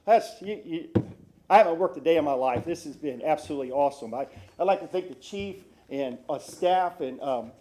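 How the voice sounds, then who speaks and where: High-voiced man choked up with gratitude. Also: brisk. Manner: effusive, repeats thanks, speaks with warm religious gratitude. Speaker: retiring police officer being honored. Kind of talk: emotional thank-you speech. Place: city council chamber.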